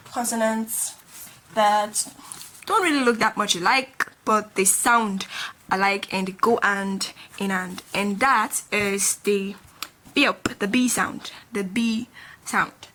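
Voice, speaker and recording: A woman's voice: mid-range voice, slow pace, sharp tone, a little hiss or hum. A woman teaching a beginner language lesson, patiently repeating each sound many times while she explains stroke order. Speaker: Korean teacher.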